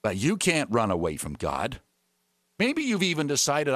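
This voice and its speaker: A man preaching a sermon, retelling a story with lively voices for its characters. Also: medium pitch, moderate pace, dry recording, clean studio sound.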